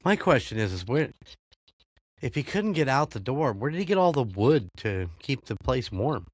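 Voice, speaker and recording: A man's voice: mid-range voice, big pitch swings, moderate pace, slightly rough, no room sound. An American man hosting a podcast, chatting casually, swearing freely and laughing often. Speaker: podcast host. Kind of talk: casual chat.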